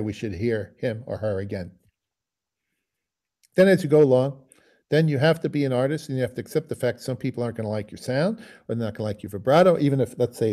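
A man teaching a music masterclass, musing aloud and singing phrases to explain them. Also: mid-range voice. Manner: musing, sings phrases, trails off quietly. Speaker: bassoon teacher giving a masterclass.

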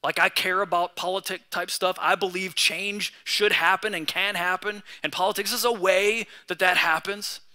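A young male pastor delivering a sermon in a relaxed, chatty manner. His voice sits high and sounds very bright and forward. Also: normal speed, few pauses. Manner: casual, conversational preaching with slang.

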